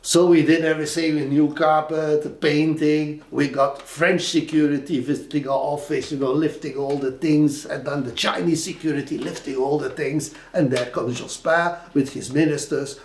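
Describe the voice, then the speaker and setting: An older man with a Flemish Belgian accent telling animated anecdotes as an interviewee, with lots of fillers and restarts. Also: a little high, slight background noise. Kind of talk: anecdotal storytelling. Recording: roomy echo.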